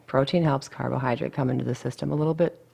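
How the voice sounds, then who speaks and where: A woman's voice: extremely low pitch, steady tone, fast talker, gravelly, a little mellow, slightly rough. A woman dietitian talking casually in an interview, blunt and chatty, full of asides.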